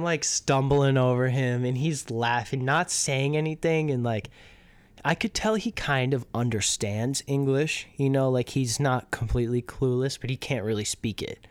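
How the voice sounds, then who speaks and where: A young man co-hosting a podcast, telling a story in casual chat, animated and profane, laughing as he goes. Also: mid-range voice, moderate pace, no echo. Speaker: podcast co-host.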